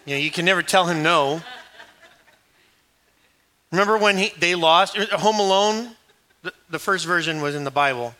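A man's voice: sits high, moderate pace, long pauses. A man giving a sermon, joking and acting out voices as he tells the story. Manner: animated, joking storyteller who acts out quoted voices. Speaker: pastor.

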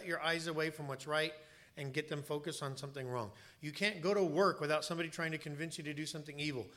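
Forceful, bright-voiced male pastor preaching. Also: a little high. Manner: emphatic, storytelling, repeats words for stress. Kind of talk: sermon. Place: church.

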